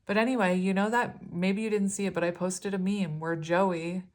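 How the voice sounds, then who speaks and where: A chatty woman with a fairly low voice reads tarot cards aloud for her viewers. She rambles along with ums and self-corrections. She slips into giggles as she goes. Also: steady tone, normal speed. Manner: chatty, often breaks into giggles. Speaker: tarot reader. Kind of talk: casual tarot reading to viewers.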